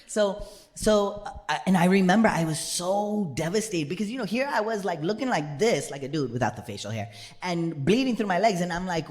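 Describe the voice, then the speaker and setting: Animated man telling a stand-up story. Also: sits high, fairly quick. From United States. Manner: animated, acts out quoted voices, laughs often. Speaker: comedian and solo performer.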